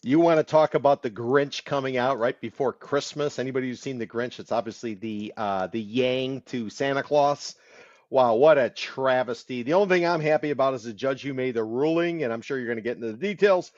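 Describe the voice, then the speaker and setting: A man's voice: medium pitch, brisk, a little mellow, no room sound. An upbeat man co-hosting a podcast, talking casually into a close mic. His voice sounds dry and a little dull. He speaks plainly and keeps things moving. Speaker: podcast co-host. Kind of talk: casual chat. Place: studio.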